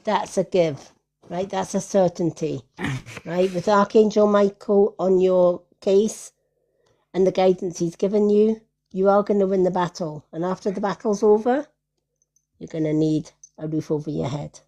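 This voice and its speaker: A woman's voice: mid-range voice, fairly even intonation, moderate pace, warm tone. A woman hosting a live card reading stream, talking in a soothing, affectionate way and calling listeners honey and lovely.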